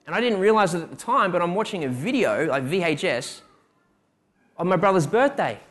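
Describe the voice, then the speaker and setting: A young man preaches a sermon as a testimony, shifting between personal stories and a string of rhetorical questions with direct, personal candor. His voice is a bit higher and brighter than most men's, and he speaks animatedly and a little fast.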